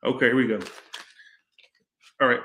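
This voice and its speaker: A man's voice: mid-range voice, flat delivery, moderate pace, fairly bright tone. Chatty, rambling man in an echoey room. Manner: rambling, chatty, swears freely. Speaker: tarot reader and livestream host. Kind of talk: casual livestream tarot reading.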